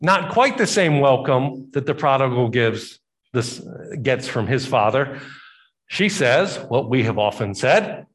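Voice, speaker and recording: A man's voice: medium pitch, very animated, a little slow. A man preaching a sermon, retelling a Bible story with emphatic repetition and voiced quotes. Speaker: pastor.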